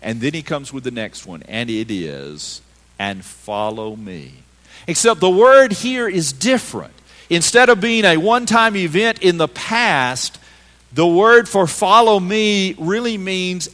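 A man preaching a sermon to his congregation, his somewhat high voice rising and falling with lively, emphatic swings. He moves from loud calls down to hushed, quiet lines. The sound carries the long reverb of a church sanctuary. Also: a little slow. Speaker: pastor.

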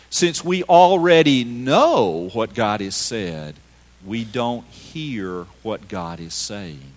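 A man pastor preaching a sermon, emphatic, swinging from loud calls to hushed, quiet lines. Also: lowish voice, animated, slow pace. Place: church sanctuary. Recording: reverberant church sanctuary.

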